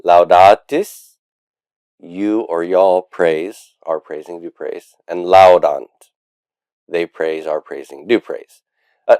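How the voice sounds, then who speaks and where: Male Latin teacher, very low voice, patient step-by-step lecture delivery, dry booth-like recording. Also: mellow, clear, resonant tone, dry recording. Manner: patient, explains step by step with frequent fillers.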